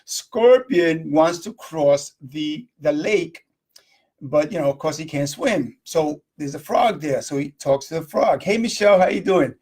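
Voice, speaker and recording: A man's voice: fairly high pitch, expressive, slow pace, darkish tone, husky. A man hosting a live video stream, giving a casual motivational talk, rambling and asking his viewers questions. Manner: rambling, repeats himself, asks viewers questions.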